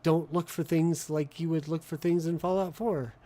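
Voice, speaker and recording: A man chats casually while streaming a video game. He thinks aloud and rambles, often restarting his sentences. His voice is mellow and relaxed, and sits a little high for a man. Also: normal speed. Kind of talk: casual gameplay chat.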